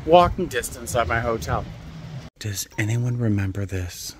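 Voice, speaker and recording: A man vlogging while he browses antique and vintage shops, gushing and musing aloud, sometimes dropping to a soft near-whisper. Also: medium pitch, lively intonation, a little slow, slight background noise. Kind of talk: casual vlog narration while shopping.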